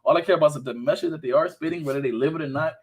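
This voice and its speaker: A man's voice: fairly high pitch, racing, breathy edge. A man hosting a casual podcast, bantering loosely, laughing and arguing his points. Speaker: podcast host.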